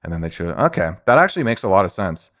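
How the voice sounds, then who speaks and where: A young man hosting a casual streamed interview, relaxed and rambling, with lots of "like" and easy laughter. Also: low voice, quick pace. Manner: laid-back, rambling, frequent "like". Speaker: stream host.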